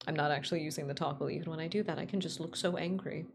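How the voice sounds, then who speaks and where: A woman streaming live as a VTuber, chatting casually, excitable and giggly, swearing freely. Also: low-pitched, racing, gravelly, slight background noise.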